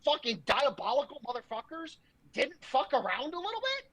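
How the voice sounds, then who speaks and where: A woman's voice: sits high, big pitch swings, normal speed, rough recording. A woman, a podcast co-host, ranting in heated, profane political talk full of sarcasm.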